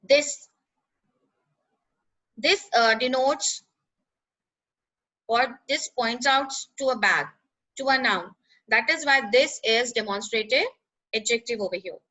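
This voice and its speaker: A woman explaining grammar in a lesson, pausing with "uh" and checking in with "right?". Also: on the high side, pushed and bright, poor audio. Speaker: teacher.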